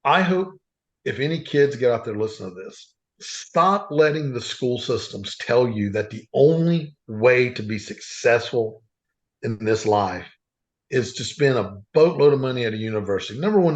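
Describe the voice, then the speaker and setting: A man telling earnest stories as a podcast guest, rambling with frequent restarts. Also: mid-range voice. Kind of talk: casual storytelling. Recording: dull lo-fi sound.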